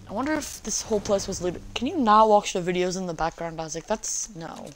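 A woman narrates her gameplay in a goofy, joking way, playfully teasing her viewers. Her voice sits at an ordinary middle pitch. A faint hiss runs under it. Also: animated, moderate pace. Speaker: gaming channel host. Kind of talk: let's-play gameplay commentary.

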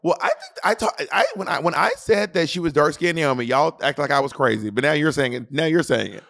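A man's voice: fairly high pitch, gravelly, fairly bright tone, no room sound, studio quality. A man co-hosting a casual review podcast over a video call, teasing and restarting his sentences often. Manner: playful, teasing, halting with many restarts. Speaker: podcast co-host.

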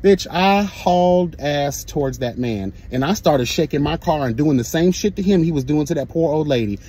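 A man telling a story in a sassy, profane, animated storytime rant. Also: fairly high pitch, moderate pace, breathy edge. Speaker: vlogger.

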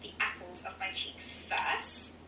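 A woman narrating a makeup tutorial step by step in a relaxed way. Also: medium pitch, a little slow. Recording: echoey, distant playback with loud noise.

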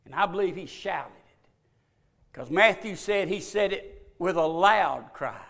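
An older man with a Southern American accent, preaching a sermon as pastor, with sudden loud rises and long pauses. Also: high-pitched, animated, gravelly.

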